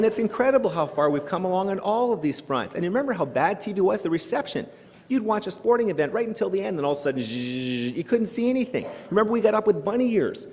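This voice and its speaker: A middle-aged man from Canada works a live audience in a big hall with quick, animated jokes. His voice sits high and races along. A long reverb trails each line. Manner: animated, joking, rhetorical questions. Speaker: keynote speaker. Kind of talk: humorous keynote speech. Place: large hall before an audience.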